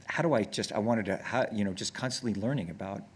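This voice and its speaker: Lower-voiced man telling rambling stories. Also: fast talker, husky. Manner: rambling anecdotes with many restarts; grows excited and laughs when telling stories. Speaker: actor guest. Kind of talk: casual on-stage conversation. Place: on stage before an audience.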